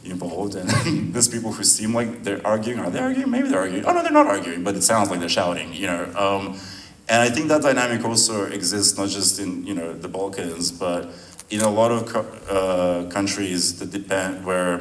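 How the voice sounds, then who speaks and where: Filmmaker at a post-screening Q&A: man, very low voice, relaxed and rambling, caught roomy and a bit distant. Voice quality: relaxed, rambling, laughs often. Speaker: filmmaker answering audience questions. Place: venue hall at a screening. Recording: roomy sound from a distant mic, faint noise.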